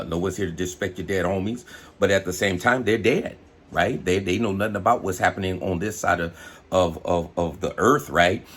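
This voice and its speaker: Deep raspy guy preaching casual, lots of "you know" and "right?". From West Coast of the United States. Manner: plainspoken, fills pauses with "you know" and "right?". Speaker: bishop. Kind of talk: informal preaching monologue.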